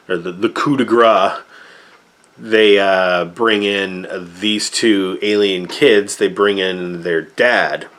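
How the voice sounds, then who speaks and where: A man with a fairly low voice talks through a casual movie review. He rambles with many fillers and turns sarcastic and exasperated when he complains about the film. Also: fairly bright tone.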